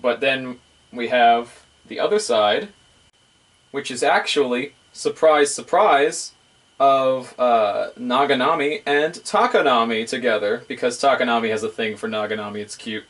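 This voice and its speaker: A man's voice: mid-range voice, moderate pace, fairly bright tone. Rambling, chuckling male reviewer. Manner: rambling, laughs often, repeats fillers. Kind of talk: casual review vlog.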